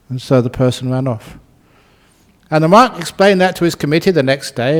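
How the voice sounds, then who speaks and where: Humorous Buddhist monk giving a talk. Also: male voice, fairly high pitch, moderate pace. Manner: relaxed, humorous, often laughing. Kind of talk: dharma talk with storytelling.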